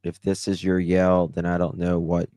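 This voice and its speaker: A man's voice: sits low, monotone, moderate pace, warm tone, dry recording. A tired man, chatting casually with his livestream viewers and greeting them by name. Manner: chatty, drawling, talks to chat by name. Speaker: livestream host. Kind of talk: casual livestream chat reading comments.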